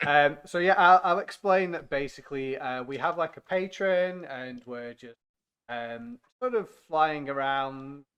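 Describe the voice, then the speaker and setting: A man's voice: a little high, animated, unhurried, a bit bright, clear, resonant tone, lo-fi sound. A man playing in a tabletop game, hesitant and often restarting his sentences. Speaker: player. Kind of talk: casual tabletop play.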